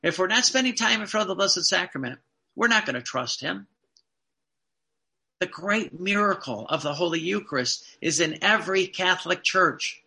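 A man preaching a sermon in an earnest, emphatic way, slowing down to stress key phrases. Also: high-pitched, animated, creaky, pushed and bright.

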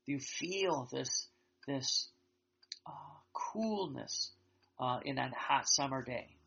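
Slow, gravelly man giving a spiritual talk. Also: mid-range voice, pushed and bright. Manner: slow, halting, with many restarts. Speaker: religious teacher. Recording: dull lo-fi sound.

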